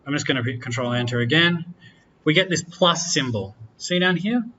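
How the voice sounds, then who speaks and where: A man teaching a university class, walking students through software in a relaxed, chatty way, correcting himself and joking as he goes. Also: fairly high pitch, moderate pace, dull audio, a little hiss or hum. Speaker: university lecturer. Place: lecture room.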